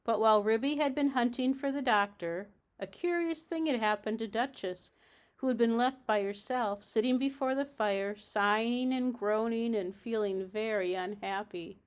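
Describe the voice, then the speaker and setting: A woman from a library reading a children's storybook aloud in a steady, measured way. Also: a little high.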